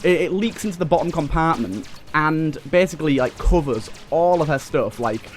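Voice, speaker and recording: Young British man, let's play host, rambling casual storyteller, slightly high voice, faint game music underneath. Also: expressive, moderate pace. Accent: British English. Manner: rambling, with frequent restarts and fillers. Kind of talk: casual storytelling over gameplay.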